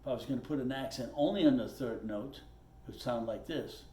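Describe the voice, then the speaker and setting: Brisk and medium-pitched, a man gives a drum lesson from his kit in a room whose recording carries a roomy echo and faint noise. He stays patient and plain, repeating his points and checking in with "okay" as he goes step by step.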